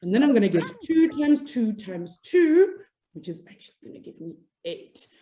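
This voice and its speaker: A woman's voice: on the high side, sing-song, moderate pace, dark tone, a little hiss or hum. A woman teaching a maths class online, upbeat and chatty, apologizing and laughing easily as she explains.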